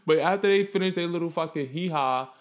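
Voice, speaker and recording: A young man hosting a podcast, telling a rambling, profane story in a casual, animated way. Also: fairly high pitch, a little fast. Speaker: podcast host.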